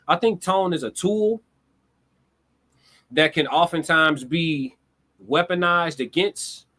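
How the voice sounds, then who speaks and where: A man talking casually to his stream chat in a slightly high voice. He is direct and laid-back, drifting through slangy asides and repeated phrases as he thinks aloud. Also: slow, bright, forceful tone. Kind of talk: casual livestream monologue.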